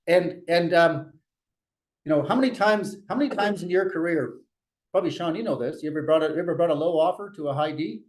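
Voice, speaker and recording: Animated man coaching a sales team. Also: a little high, a little fast, pauses often. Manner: animated, coaching tone with frequent restarts. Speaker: real estate team leader. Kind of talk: storytelling at a sales meeting.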